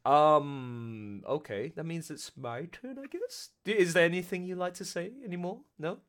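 A man hosting a live stream as director, rambling excitedly and laughing often. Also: fairly high pitch, normal speed. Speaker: host, director and producer. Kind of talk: casual live stream chat.

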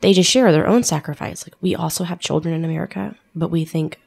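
A woman's voice: fairly low pitch, fast talker, vocal fry, a little mellow, husky. A woman, a missionary guest in an interview, speaking in a reflective, hesitant way. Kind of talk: conversational interview.

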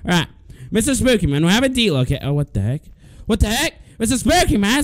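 A man's voice: high voice, sing-song, quick pace. A man playing a horror game on camera, jittery and nervous, talking to the monster, swearing and yelping at scares. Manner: jumpy, nervous chatter with sudden yelps and shouts; talks to the game's monster, swears and mutters to himself. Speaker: let's play gamer.

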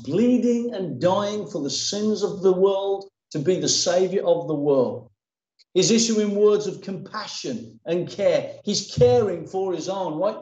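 A man's voice: sits high, dark tone, lo-fi sound. Emphatic male preacher, echoey church. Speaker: pastor. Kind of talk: sermon.

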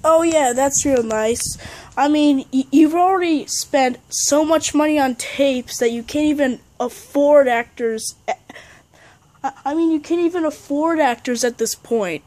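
A woman's voice: high voice, a little slow, a little mellow. A woman playing a fed-up, sarcastic young actor in an amateur comedy sketch, irritated and mocking.

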